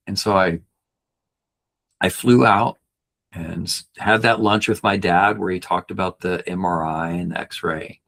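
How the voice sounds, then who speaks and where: A man's voice: fairly even intonation, unhurried, gravelly, fairly bright tone. A middle-aged man, a podcast guest, telling a personal story earnestly and acting out the people he quotes. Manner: earnest, acts out quoted people with raised pitch.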